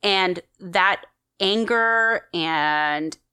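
A woman's voice: mid-range voice, drawn-out words, bright, forceful tone, clean tone, dry recording, studio quality. A woman co-hosting a podcast, chatting enthusiastically as she tells a story with lots of fillers. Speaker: podcast co-host telling a story. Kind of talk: casual storytelling chat.

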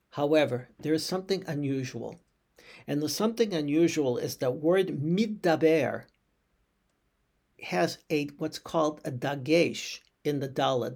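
A man's voice: on the high side, gravelly, darkish tone. A man, a rabbi, teaching Torah commentary in an explanatory way, posing questions to his listeners and sometimes correcting himself.

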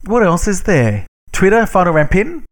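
A man's voice: sits high, very animated, moderate pace. A man co-hosting a podcast in casual chat, a bit drunk, playful and mock-outraged, laughing often. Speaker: podcast co-host.

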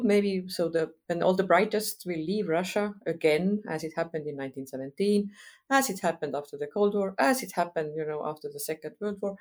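A middle-aged woman from Estonia, speaking frankly as a guest expert in a podcast interview, pausing often with "uh" as she thinks. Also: fairly low pitch, a little mellow. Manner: thoughtful, frank, with frequent uh pauses.

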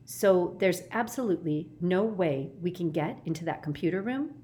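A calm, thoughtful boy who leads his friends in a storybook, speaking steadily and reassuringly. A woman voices him while narrating. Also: fairly low pitch, moderate pace, lightly acted.

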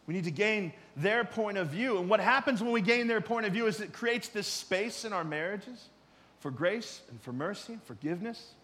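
A middle-aged man preaching a sermon in a conversational way, swinging from loud emphasis to quiet asides. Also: high-pitched, expressive, normal speed, in a large hall. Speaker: pastor.

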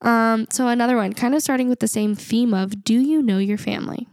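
A woman's voice: on the high side, a little fast, a little mellow, dry recording, clean studio sound. A young adult woman co-hosting a podcast, talking in an earnest, reflective way and laughing often. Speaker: podcast co-host. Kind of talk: casual podcast chat.

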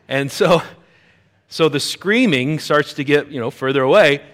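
A middle-aged man preaching a sermon as a pastor. He tells a personal story with lively energy and acts out the voices of the people in it. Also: a little high, a little slow.

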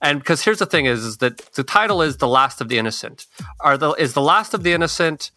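A man's voice: on the high side, animated, brisk, sharp tone, faint music behind. A man co-hosting a casual podcast chat, rambling through his thoughts with restarts. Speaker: podcast co-host. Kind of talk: casual book club chat.

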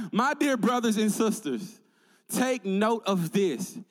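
A male pastor preaching a sermon with energetic call-and-response to his congregation in a large church sanctuary. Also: high-pitched, slow. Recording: long reverb in a large church hall.

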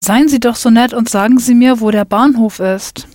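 Brief: woman student, somewhat high voice, careful answers, dry studio. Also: normal speed, darkish tone, dry recording. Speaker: learner. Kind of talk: repeating practice phrases.

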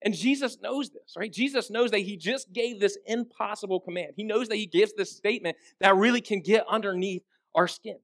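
High-voiced man preaching conversationally. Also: fairly quick, few pauses, a bit bright. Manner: conversational, asks the audience rhetorical questions. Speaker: pastor. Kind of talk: sermon.

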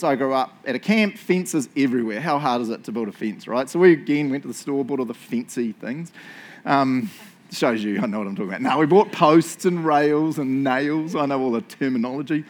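A man's voice: mid-range voice, animated, fairly quick. A middle-aged man with a New Zealand accent, preaching a sermon in a casual, self-mocking storytelling way. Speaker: pastor.

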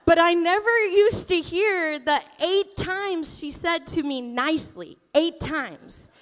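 A woman pastor preaching a sermon in a church, emotional and animated, laughing often as she tells stories. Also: very high-pitched, a little slow, few pauses, long reverb tail. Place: church sanctuary.

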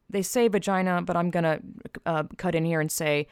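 A woman's voice: low voice, steady tone, fairly quick, smooth, no echo, clean studio sound. A woman giving casual spoken commentary, blunt and exasperated, sighing and stopping to restart as she reads aloud.

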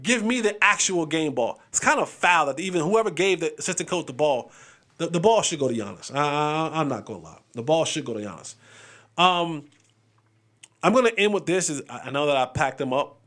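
A young adult man hosting a casual sports podcast, joking, animated and restarting his sentences often. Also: fairly high pitch, fast talker. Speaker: podcast host.

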